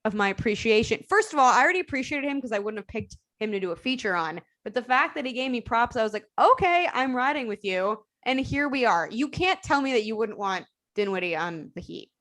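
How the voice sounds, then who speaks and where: A young woman from Chicago with a light Chicago accent, co-hosting a sports podcast in a blunt, teasing, animated way. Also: a little high. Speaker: podcast co-host. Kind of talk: casual sports debate.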